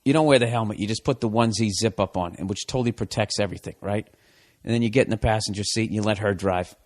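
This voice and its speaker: A man's voice: lowish voice, fast. A man hosting a podcast, giving blunt advice in a casual rant full of swearing. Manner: blunt, swears constantly, riffs.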